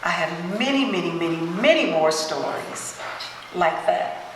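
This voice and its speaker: A woman's voice: fairly low pitch, measured pace, a little hiss or hum. A woman speaker telling personal stories to a gathering and acting out the people in them, recorded from far off in an echoey hall. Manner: animated storyteller who acts out quotes. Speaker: guest speaker. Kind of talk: personal storytelling talk.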